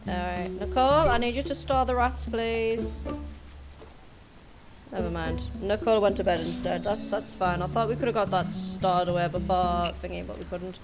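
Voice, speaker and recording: In a rough recording with background music, a woman streamer chats casually while playing, her mid-range voice at normal speed. She rambles and hesitates, using lots of fillers.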